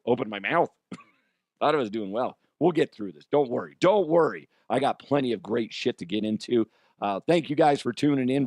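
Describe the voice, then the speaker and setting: A man hosting a comedy news show with a hoarse, strained voice, talking in a profane, self-mocking monologue. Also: mid-range voice, a little mellow, no room sound, studio quality.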